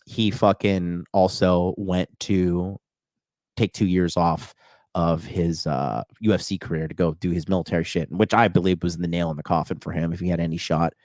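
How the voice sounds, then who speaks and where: A man coaching on dating and fitness in a blunt, profane podcast monologue, now and then mocking others in a high put-on voice. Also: fairly even intonation, moderate pace, darkish tone, dry recording, studio quality.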